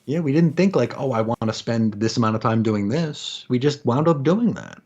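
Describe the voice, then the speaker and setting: A man's voice: medium pitch, lively intonation, normal speed, a little mellow, muffled recording. A man co-hosting a podcast, talking in a laid-back way and answering mostly with short agreements. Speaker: podcast co-host. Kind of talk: casual chat.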